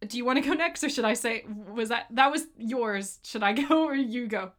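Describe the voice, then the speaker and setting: A woman co-hosting a casual chat, animated and often laughing as she talks. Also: on the high side, moderate pace. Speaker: podcast co-host. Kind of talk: casual chat reviewing favorite movie quotes.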